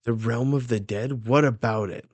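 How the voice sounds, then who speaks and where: A man's voice: medium pitch, moderate pace, a little mellow, no echo. A man hosting a live stream, chatting casually as he reacts while reading a manga aloud, loose and prone to swearing.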